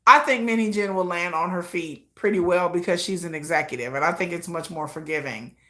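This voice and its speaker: A woman hosts a casual commentary live stream with a bright, forceful voice. She talks in an animated, slangy, gossipy way and laughs often. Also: lowish voice, a little fast.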